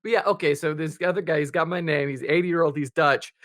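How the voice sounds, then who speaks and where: A man's voice: fairly high pitch, fairly quick, a bit bright, no echo, studio quality. A man co-hosting a casual podcast, telling a rambling story and laughing often. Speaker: podcast co-host.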